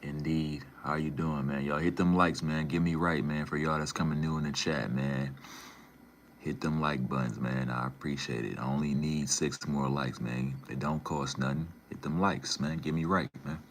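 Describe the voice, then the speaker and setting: A man's voice: extremely low pitch, steady tone, moderate pace, slight background noise. A man casually reading and answering his live chat, laid-back and slangy, calling viewers man and bro.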